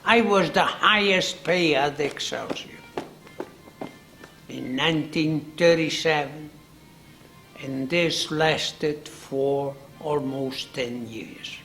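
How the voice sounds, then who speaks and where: A man, telling an unhurried, folksy story from his working life in an interview. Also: on the high side, bright, forceful tone, soft background music. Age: 90s. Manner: unhurried, repeats himself, folksy phrasing. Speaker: interviewee, accordion builder. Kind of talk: reminiscing storytelling.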